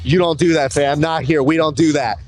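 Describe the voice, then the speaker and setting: A man's voice: on the high side, steady tone, brisk, darkish tone, soft background music. A man from Southern California interviewing a fighter in casual, joking banter full of slang. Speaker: interviewer, executive producer.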